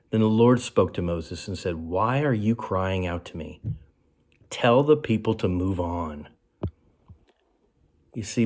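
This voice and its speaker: A man pastor giving a short devotional sermon, earnest and conversational, who sinks to a soft, quiet voice on key phrases. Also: low voice.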